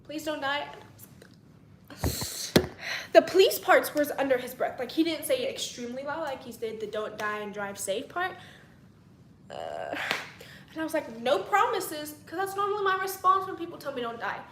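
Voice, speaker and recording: A young woman with a high voice tells a story in a casual vlog, chatty and rambling. She acts out what people said and sometimes drops to a whisper. The room has an echo. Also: big pitch swings, brisk, background noise. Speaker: vlogger.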